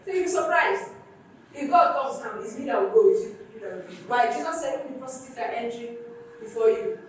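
Woman pastor, emphatic call-and-response sermon; high voice, distant mic, very echoey church. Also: lively intonation, quick pace, slight background noise. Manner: rising to emphatic preaching with repeated questions to the congregation. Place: church hall. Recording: echoey church hall from far off.

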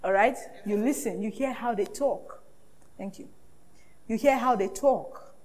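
A woman pastor preaching a sermon, lively and often laughing, acting out the voices she quotes. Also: on the high side, a little slow.

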